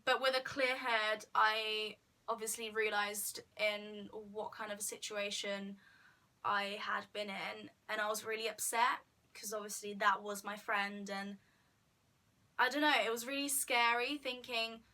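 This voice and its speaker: A young woman telling a storytime vlog in a chatty, animated way, acting out what people said. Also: mid-range voice, unhurried. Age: young adult. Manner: chatty, animated retelling with quoted asides. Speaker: vlogger. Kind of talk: casual storytime.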